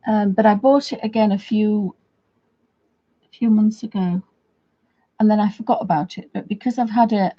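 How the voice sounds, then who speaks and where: A woman's voice: medium pitch, warm tone, lo-fi sound. A woman chatting casually as she walks through a coloring tutorial at home, rambling a little as she works. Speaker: craft video host.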